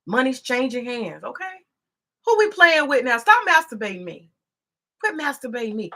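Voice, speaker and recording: A woman's voice: high voice, sing-song, normal speed, bright, forceful tone. A woman commentator ranting heatedly in a casual monologue, profane and scolding, repeating herself as she gets worked up. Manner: repetitive, scolding. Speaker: political commentator.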